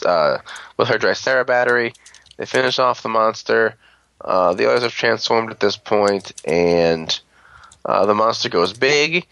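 A man's voice: on the low side, creaky, a bit bright, dry recording, dull audio. A man on a podcast recapping a show episode in a rambling, crude casual way, full of fillers and quoted lines. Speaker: podcast host.

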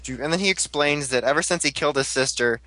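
A young man hosting a casual podcast, recapping an episode with jokes and quick character impressions. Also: a little high, bright, forceful tone. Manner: jokey, quick voice impressions of characters, laughs a lot. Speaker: podcast host recapping a show.

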